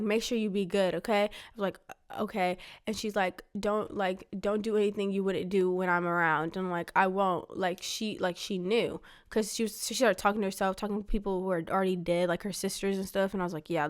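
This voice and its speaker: A woman's voice: medium pitch, clean tone. A woman talking with her father in a casual family conversation, rambling through a story with lots of "like" and retelling what others said. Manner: retells others' words in quoted dialogue.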